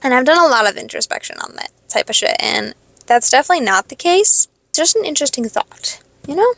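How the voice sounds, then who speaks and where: A high school senior girl in her late teens, rambling casually in a stream-of-consciousness monologue, swearing freely and second-guessing herself. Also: sing-song, brisk, creaky, fairly bright tone, dry recording. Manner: rambling, swearing, self-questioning. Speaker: podcast host.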